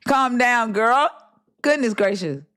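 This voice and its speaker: A woman's voice: a little high, animated, takes it slowly, a bit bright. A woman hosting a casual livestream chat, blunt and exasperated, swearing freely and drawling slang. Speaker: livestream host.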